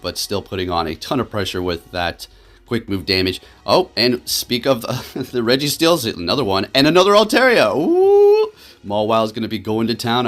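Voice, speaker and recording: On his gaming channel, a man with a fairly low pitch narrates his matches live and excitedly. He bounces rapidly between annoyance and laughing.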